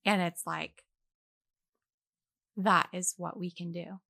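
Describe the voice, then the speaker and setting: Animated woman with a gravelly low voice. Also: slow pace, no echo, studio quality. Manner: animated, acts out quoted voices. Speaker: guest, actress. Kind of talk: casual faith conversation.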